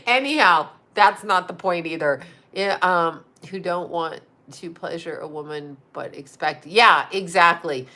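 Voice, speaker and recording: Frank, bawdy woman chatting with a bright voice. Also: on the low side, slow pace. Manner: frank and bawdy, laughs often while telling stories. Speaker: psychic medium and channel host. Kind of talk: candid casual chat.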